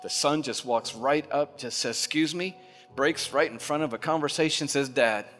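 A man preaches in a large church, his high, bright voice ringing through the long reverb of the hall. He tells a story quietly, then builds to loud, impassioned declarations. Soft music plays underneath. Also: moderate pace. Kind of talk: sermon storytelling.

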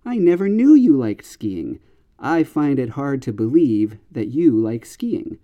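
A man teaching a podcast grammar lesson, explaining clearly and patiently and exaggerating his intonation in examples. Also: mid-range voice, mellow. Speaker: English teacher.

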